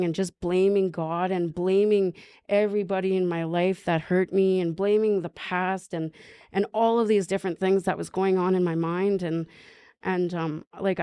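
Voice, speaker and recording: A woman from northern Manitoba, candidly telling her own recovery story as a podcast guest, halting and restarting often. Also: fairly low pitch, warm tone, smooth, dry recording, studio quality. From northern Manitoba, Canada. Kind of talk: personal recovery story, conversational.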